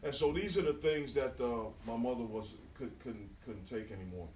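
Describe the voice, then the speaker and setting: This is a middle-aged New York man, a graffiti artist, telling slangy, animated stories at an indoor event and talking straight to the audience. His pitch is medium and his pace normal. A smartphone in the audience recorded him from a distance, so the sound is roomy with a little hiss or hum.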